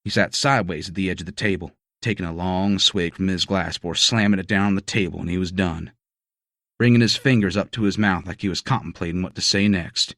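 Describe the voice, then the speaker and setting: Deep-voiced male audiobook narrator. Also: steady tone, brisk, fairly bright tone, dry recording, clean studio sound. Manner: gritty, profane storytelling. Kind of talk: first-person romance audiobook narration.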